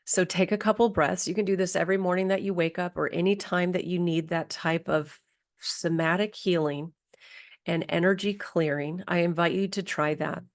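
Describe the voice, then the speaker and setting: A middle-aged woman, a spiritual healing coach, guides listeners through a slow, soothing somatic exercise with affirmations. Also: lowish voice, fairly even intonation.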